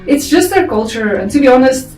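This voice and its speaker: A woman reading her own story draft aloud to a family member, chatty and quick to laugh. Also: high-pitched. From South Africa. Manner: lively, laughing, chatty asides. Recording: echoey room, far from mic, faint music.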